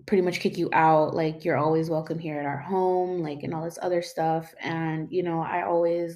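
A woman's voice: sits low, little pitch movement, moderate pace, hardly any pauses, a little mellow. A young woman speaking mixed in, telling a personal story in a rambling, casual way many fillers and emotional moments.

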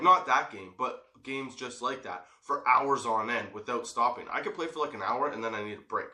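A middle-aged father tells a story in a casual vlog, rambling, cursing freely, and laughing along the way. His mid-range voice has a sharp tone, and the room sounds echoey.

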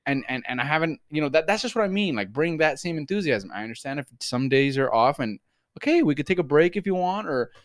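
A man in casual podcast chat, animated and swearing, often breaking into impressions. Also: on the high side, fast, no room sound, studio quality. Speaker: podcast co-host.

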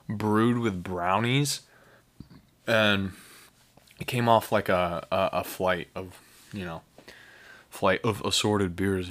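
A man's voice: low voice, a bit bright. A man hosting a casual solo podcast, rambling enthusiastically with many fillers and restarts. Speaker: podcast host.

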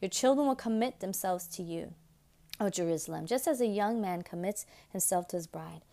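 A woman's voice: mid-range voice, moderate pace, mellow. A woman hosting a devotional podcast, talking earnestly and preaching, repeating phrases for emphasis. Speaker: podcast host.

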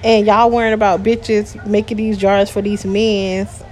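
A woman, venting in a profane, exasperated voice message. Her voice sits at a middle pitch. A faint hiss runs under the recording. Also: level tone, a little slow, darkish tone. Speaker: voice message poster. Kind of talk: ranting voice message.

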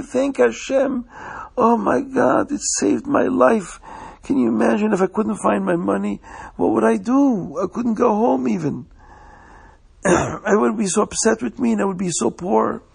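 A man voicing a desperate poor man who lost his money, in a high, gravelly, frantic voice. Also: expressive, moderate pace, exaggerated voice. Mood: overjoyed.

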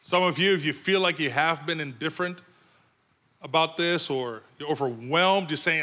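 A man's voice: on the high side, normal speed, sharp tone. A man preaching a sermon in a conversational, repetitive way with many fillers, making pleading, urgent appeals.

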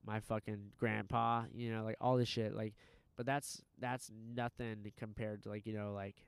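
A man in casual chat, telling a story in an animated, profane way with lots of fillers. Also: lowish voice, moderate pace, gravelly, clear, resonant tone, dry recording.

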